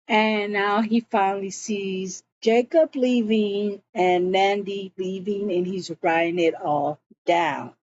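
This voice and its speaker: A woman walks through a TV episode in a relaxed, unhurried recap. She strings the scenes together with "and then" and "he was like". The recording sounds a little muffled, with a faint hum underneath. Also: medium pitch. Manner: retells scenes with frequent "and he was like". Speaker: show recap vlogger.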